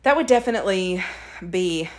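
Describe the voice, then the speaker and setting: A woman's voice: mid-range voice, animated, moderate pace. Chatty woman podcast host. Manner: chatty storyteller, laughs often. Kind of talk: casual chat.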